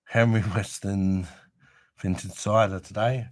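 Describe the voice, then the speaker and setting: A man's voice: on the low side, fairly even intonation, measured pace. A man chatting casually on a live stream, rambling and swearing freely, with a chesty cough from an infection. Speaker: livestream host.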